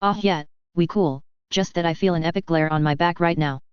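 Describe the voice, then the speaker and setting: A woman's voice: lowish voice, fairly quick, a little mellow, smooth, no room sound, lightly acted. A woman voicing a laid-back, blunt young man with a dry, matter-of-fact manner, in a dull lo-fi recording. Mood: wry.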